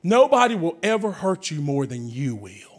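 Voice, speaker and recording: High-voiced preacher. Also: male voice, normal speed. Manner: energetic preaching with sudden shouts and hushed drops, calls to the congregation. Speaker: pastor. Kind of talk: sermon.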